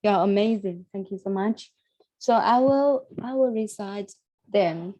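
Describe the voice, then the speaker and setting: Woman leading recitation practice, mellow voice. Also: medium pitch, dry recording, muffled recording. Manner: warm praise, repeats words, some pauses. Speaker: English reading group leader.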